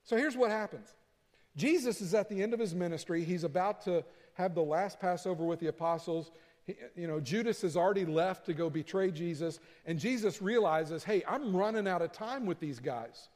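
A man's voice: sits high, fairly quick, darkish tone. A man preaching a sermon as pastor, telling the story in a conversational, emphatic way. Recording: long hall reverb.

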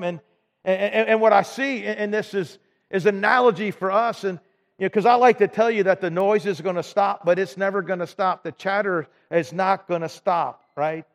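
A man's voice: high voice, moderate pace, creaky. A man preaching a conversational sermon in a church, with many restarts and fillers. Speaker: pastor. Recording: reverberant church hall.

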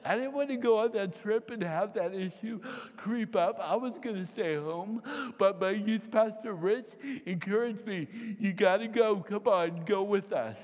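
Guy with a high voice telling a heartfelt story, echoes round a big hall. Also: a little mellow. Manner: emotional, dramatic retelling with acted quotes. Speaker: speaker telling a personal story. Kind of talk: personal storytelling talk. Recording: long hall reverb.

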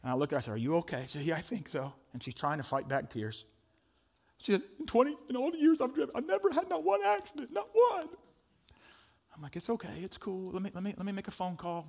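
A middle-aged man preaching a sermon, telling a funny story with animated swings from loud to hushed. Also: a little high. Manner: animated storytelling, sudden drops to a hush. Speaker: pastor.

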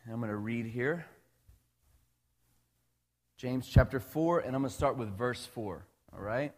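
A male pastor preaching a conversational, animated sermon, with restarts and asides to the congregation. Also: medium pitch, measured pace. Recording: long hall reverb.

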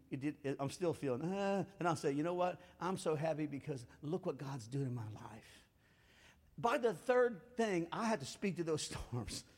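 High-voiced preacher in a reverberant hall. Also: male voice. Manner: swings from loud exhortation to hushed, intimate talk. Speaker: pastor. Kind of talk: sermon.

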